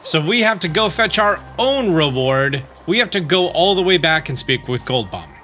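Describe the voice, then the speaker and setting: A man talks through a game walkthrough in a relaxed let's-play style and leans on "let's go ahead". His voice is bright and a bit high. Soft game music plays under him. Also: normal speed.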